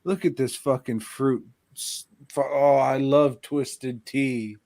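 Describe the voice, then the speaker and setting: A man's voice: medium pitch, steady tone, slow, a little mellow. A man co-hosting a podcast, chatting casually in a goofy, bawdy way. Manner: goofy, bawdy, breaks into silly sound effects. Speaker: podcast co-host. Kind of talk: crude casual chat.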